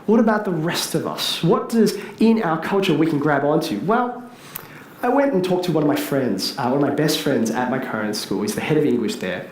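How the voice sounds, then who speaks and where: Male teacher on stage, engaging speaker, slightly high voice, reverberant venue. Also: fairly quick, a little hiss or hum. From Australia. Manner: animated, asks the audience questions. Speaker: teacher giving a public talk. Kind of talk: public speech. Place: large hall with audience. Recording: echoey hall, faint ambience.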